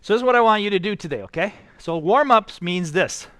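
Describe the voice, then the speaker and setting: An energetic man teaching a drawing class, showing his students the steps and cheering them on as he works. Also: high voice, fairly quick, clean tone. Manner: energetic, enthusiastic, talks straight to students. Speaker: art teacher.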